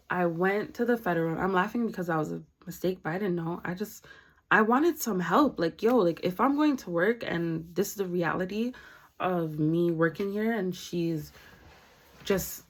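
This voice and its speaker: A young woman vlogger telling a workplace story in a casual, animated, slangy way with a lot of laughing. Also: fairly low pitch, rough recording.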